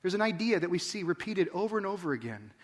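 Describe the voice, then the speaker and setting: Guy preaching in church, kinda high voice, chatty, asks the crowd lots of questions, goes quiet then loud. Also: big pitch swings, fast. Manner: conversational preaching, rhetorical questions, dramatic swings in loudness. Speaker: pastor. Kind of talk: sermon.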